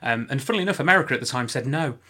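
A man's voice: medium pitch, animated, rapid-fire, sharp tone. Rambling man podcast host. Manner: rambling, self-correcting, joking asides. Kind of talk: casual history podcast narration.

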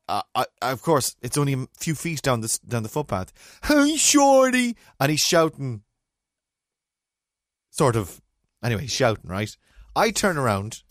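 An Irish man hosts a podcast, spinning an anecdote with wry asides. His pitch swoops up and down as he talks. The sound is dry and close to the mic. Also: no room sound. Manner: animated storyteller, wry asides. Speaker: podcast host. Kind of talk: casual podcast chat.

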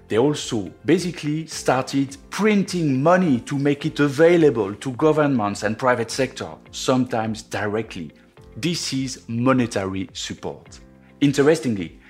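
Middle-aged French-accented man, podcast host, measured scripted market commentary, mid-pitched, faint music under. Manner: measured, explanatory delivery. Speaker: podcast host, investment officer.

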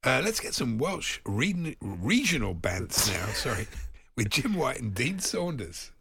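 A man's voice: medium pitch, very animated, unhurried, creaky, sharp tone, slightly rough, no room sound. A man co-hosting a radio show, introducing clips and laughing along with dry asides. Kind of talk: casual chat introducing clips.

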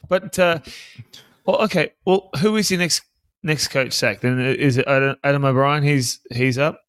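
A man co-hosting a sports podcast, chatting casually and firing off quick jokes and asides. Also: medium pitch, a bit bright, clear, resonant tone, no echo, clean studio sound. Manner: wisecracking, quick joking asides. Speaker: podcast co-host.

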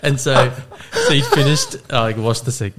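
Laughing, swearing Australian dad telling a story. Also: male voice, medium pitch, wildly swooping pitch, normal speed, very noisy. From Queensland, Australia. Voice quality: swears freely, laughs through his stories. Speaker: podcast co-host. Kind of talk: casual storytelling chat.

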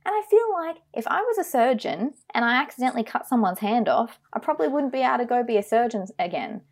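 Australian woman, podcast co-host, fairly high voice with vocal fry, blunt and opinionated. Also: big pitch swings, fast. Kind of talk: casual film discussion.

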